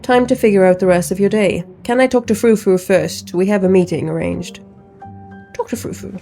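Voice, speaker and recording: A woman's voice: medium pitch, normal speed, warm tone. Young woman host, let's-play, playful reads, jokey asides, music faint behind. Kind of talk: playing a visual novel, reading aloud and reacting.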